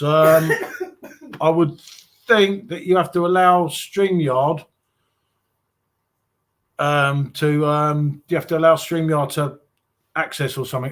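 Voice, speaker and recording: A man with an English accent hosting a live stream, chatting casually and reading out viewer comments, calling everyone mate. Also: a little high. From England. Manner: chatty, reads viewer comments aloud, calls people mate.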